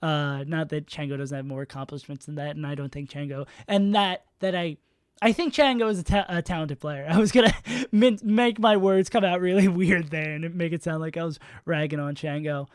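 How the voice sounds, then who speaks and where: On a live stream, a man rambles casually through player rankings, poking fun at himself and filling his talk with fillers and restarts. His voice is fairly high and fairly even in intonation, delivered fairly quickly with a clear, resonant tone. The recording is dry and of studio quality.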